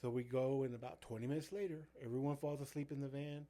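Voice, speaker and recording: A man's voice: medium pitch, steady tone, fast, mellow. A middle-aged man, a youth pastor co-hosting a casual chat and telling rambling stories full of fillers and restarts.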